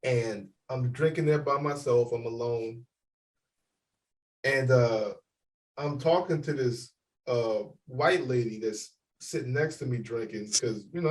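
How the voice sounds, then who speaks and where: A man's voice: medium pitch, recorded from a distance, poor audio. A man co-hosting a podcast, telling a story casually and animatedly, swearing and acting out the voices of others. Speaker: podcast co-host.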